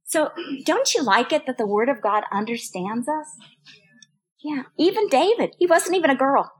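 Older female Bible teacher, high pitch, earnest personal sermon delivery. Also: expressive, moderate pace, breathy edge. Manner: earnest, personal, repeats phrases for emphasis.

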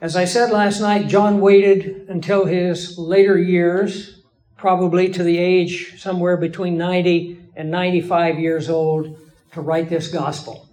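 High-voiced man teaching a Bible class. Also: level tone, measured pace, a little mellow, poor audio.

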